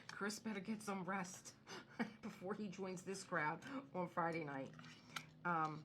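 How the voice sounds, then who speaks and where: A middle-aged woman rambling casually as she crafts, drifting into soft muttering now and then. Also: fairly low pitch, slow pace, long pauses, background noise. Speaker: craft video host. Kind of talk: casual chat while crafting.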